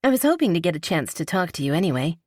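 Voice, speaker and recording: A woman narrator voicing a veteran male firefighter in a romance audiobook, friendly and low-key. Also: very animated, very fast, a little mellow, no echo, clean studio sound. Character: man, veteran firefighter, easygoing and earnest. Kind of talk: audiobook character reading.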